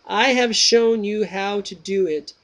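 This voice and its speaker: A man voicing the philosopher Socrates, reading his questions slowly and deliberately. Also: high-pitched, a bit bright, pitched above the performer's own voice. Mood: probing. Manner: slow, measured, drawn-out reading. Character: Socrates, old male Greek philosopher, patient questioner.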